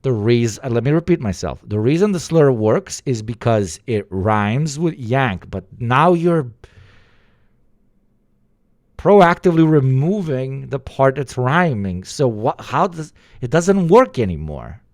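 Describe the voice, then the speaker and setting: A man's voice: mid-range voice, big pitch swings, measured pace, darkish tone, no echo, studio quality. A man streaming live, reacting with rambling, incredulous commentary and frequent stammered restarts.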